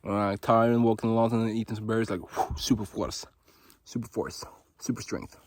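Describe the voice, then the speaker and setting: This casual walking vlog features a Norwegian man with a Norwegian accent, his voice on the low side and brisk, recorded with no room sound. Out in a forest on a hot day, he gushes excitably and rambles, leaning heavily on fillers.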